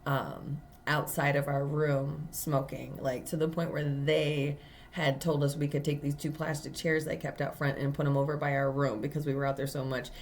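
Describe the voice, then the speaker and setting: A low-pitched woman talks through a personal story in a casual spiritual monologue, earnest and emphatic, with plenty of fillers and restarts. A faint hiss of noise sits under her voice. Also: level tone, normal speed. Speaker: tarot reader.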